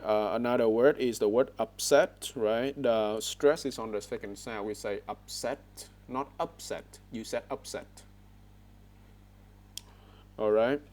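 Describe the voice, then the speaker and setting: A man's voice: mid-range voice, darkish tone. A man teaching an online English speaking class over a headset, correcting words and checking in with frequent "all right?" prompts. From Vietnam.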